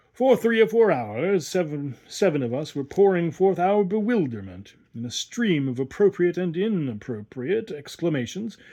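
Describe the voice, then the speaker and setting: A man giving an expressive storytelling reading, narrating a classic short story aloud. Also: a little high, slightly rough. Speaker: audiobook reader. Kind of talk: scripted narration.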